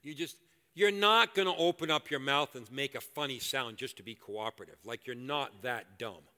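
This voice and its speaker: An older man preaching a sermon and leading prayer in a church, animated and joking at his own expense. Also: mid-range voice, normal speed. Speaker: pastor. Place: church hall. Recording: echoey hall reverb.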